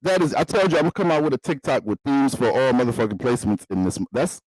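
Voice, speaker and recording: A man's voice: medium pitch, quick pace, a little mellow, dry recording. A young adult man hosting a livestream, joking and profane in a preacher's style. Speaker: astrologer and livestream host. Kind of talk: mock sermon livestream chat.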